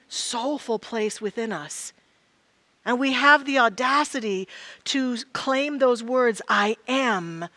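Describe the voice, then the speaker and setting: Woman minister preaching, kinda high voice, dry close sound, reflective. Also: no room sound. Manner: reflective, quotes song lyrics softly. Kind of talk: sermon. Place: church sanctuary.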